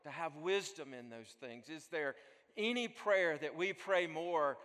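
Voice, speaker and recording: A man preaching a sermon as pastor, speaking earnestly, building up and then dropping to a soft voice. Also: on the high side, lively intonation, unhurried. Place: church. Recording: long echo of a large hall.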